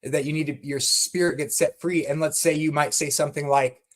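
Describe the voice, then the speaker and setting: A man's voice: on the high side, brisk. Fervent man teaching on scripture. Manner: fervent, repeats words when excited. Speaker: Bible teacher. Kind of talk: passionate teaching talk.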